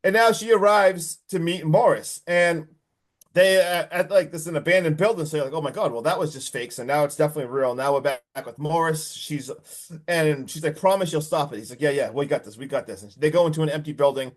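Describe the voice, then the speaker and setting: A man casually recapping a horror movie on a podcast, animated and full of swearing, acting out the characters' lines. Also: fairly high pitch, brisk. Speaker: podcast co-host.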